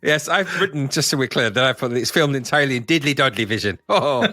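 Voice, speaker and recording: A man co-hosting a podcast, chatting casually and teasing his friend with a laugh never far away. His voice is bright and lively, rising and falling a lot. The sound is dry and close. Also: mid-range voice, normal speed, no room sound. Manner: jokey, teasing, laughs often. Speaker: podcast co-host. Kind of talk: casual chat.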